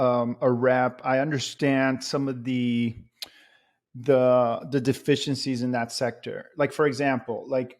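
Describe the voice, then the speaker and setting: A man chatting casually as a podcast guest, rambling with lots of fillers and restarts as he tells a story. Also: mid-range voice.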